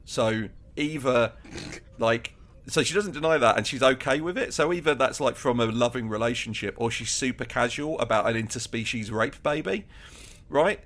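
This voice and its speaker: Young bloke, jokey, worked-up theorising, casual chat. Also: male voice, mid-range voice, moderate pace. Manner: animated, laughing, argumentative comic theorising. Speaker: podcast co-host.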